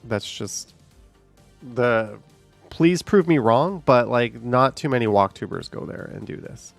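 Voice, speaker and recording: A man's voice: mid-range voice, a little slow, creaky, dry recording, soft background music. A man live-streaming, chatting casually and reading viewer comments aloud, musing in a rambling way with lots of fillers. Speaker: live-streaming walking vlogger.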